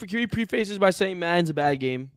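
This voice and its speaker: A young man trades playful, mock-outraged banter on a sports podcast. His slightly high voice swings widely in pitch. He is recorded close and dry. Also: expressive, fast talker, clean tone, dry recording. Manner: playfully indignant, says "bro" a lot. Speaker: podcast co-host. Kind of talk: casual sports podcast chat.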